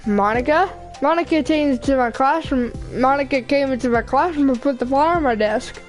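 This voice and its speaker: A woman's voice: sits high, faint music behind, natural voice, poor audio. Woman reading as a shy, anxious bookish teen girl. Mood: nervous. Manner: halting, apologetic, stumbles over words. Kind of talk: reading a visual novel aloud.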